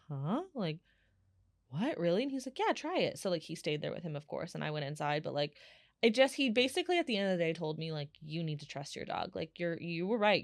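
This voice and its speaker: A woman in her thirties talks through a solo podcast, chatty and animated, piling on fillers as she tells her stories. Her voice sits on the lower side. The sound is dry and close, with no room echo. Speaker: podcast host. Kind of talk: casual solo podcast chat.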